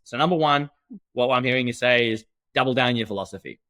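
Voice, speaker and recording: Emphatic man with a bright voice. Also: medium pitch, fast, dry recording. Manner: energetic, emphatic, teaching tone. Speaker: podcast co-host. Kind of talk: conversational podcast talk.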